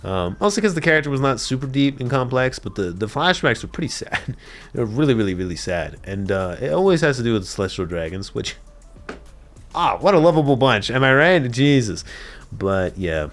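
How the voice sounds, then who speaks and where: A man's voice: medium pitch, big pitch swings, fairly quick, faint music behind. A man hosting an anime reaction video, chatting casually, swearing and laughing often as he rambles with lots of fillers.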